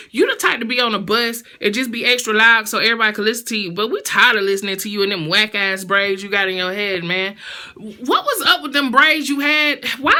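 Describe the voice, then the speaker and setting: A woman's voice: fairly high pitch, pushed and bright. A woman recapping a reality show in a sassy, blunt, slangy gossip style.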